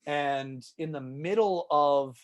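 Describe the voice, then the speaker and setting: A man from Canada working as a hockey reporter, telling stories in a casual, animated podcast chat. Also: fairly high pitch, slow. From Calgary, Canada. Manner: animated, excitable storyteller with many restarts. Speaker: hockey reporter and radio host.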